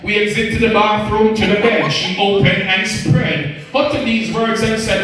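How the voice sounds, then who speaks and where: A man's voice: sits high, steady tone, measured pace, hardly any pauses, a bit bright. A man performing spoken word poetry on the radio, reciting in a rhythmic, rhyming, preacher-like cadence. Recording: echoey, distant from the mic.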